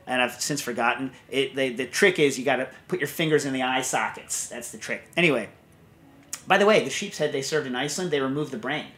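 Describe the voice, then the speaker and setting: A man's voice: medium pitch, brisk, a bit bright. A man hosting a podcast, chatting casually and reading out a listener question, rambling with many fillers and restarts. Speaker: podcast host; reads listener questions aloud. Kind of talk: casual chat.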